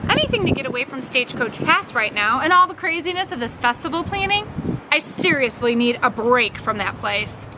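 A woman reading an audiobook, voicing an easygoing mother who is breezy, reassuring and gently firm. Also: high voice, very animated, fairly quick, background noise. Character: upbeat easygoing mother, middle-aged woman.

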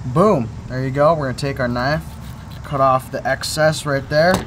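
A young man chatting excitedly to viewers while fishing and cleaning fish outdoors, calling them folks and boys. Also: mid-range voice, moderate pace, slight background noise. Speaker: fishing vlogger. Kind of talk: casual outdoor vlog tutorial.

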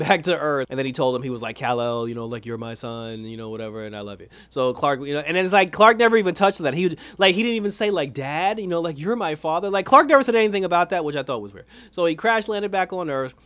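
A man casually recapping and reviewing an animated episode. He is animated, laughs often and acts out the characters' lines. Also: on the high side, no room sound. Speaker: show reviewer.

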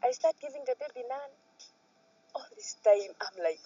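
Kenyan woman spilling her story, voice jumps all over, goes quiet then loud, kinda husky, muffled mic from a ways off. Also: on the high side, moderate pace, far from the mic. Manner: animated, switches between soft near-whispers and loud outbursts. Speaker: guest. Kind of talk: emotional personal storytelling.

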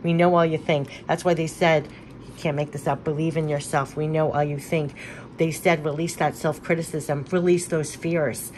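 A woman's voice: low-pitched, level tone, moderate pace, darkish tone, slight background noise. A woman giving a spiritual card reading, speaking in an effusive, emphatic way and repeating affirmations again and again. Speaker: tarot card reader.

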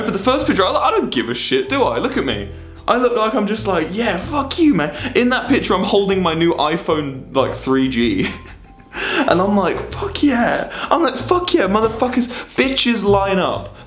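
A man's voice: on the high side, a bit bright, reverberant. A young man streaming, reacting to fan memes in casual, sweary, mock-indignant banter.

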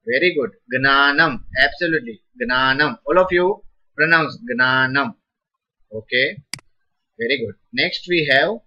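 An encouraging Indian English teacher guides students through pronunciation, calling on them by name and praising each answer. His voice is bright and forceful, and he speaks slowly. The recording sounds dull and lo-fi. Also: mid-range voice. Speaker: Sanskrit teacher. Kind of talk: live online class teaching.

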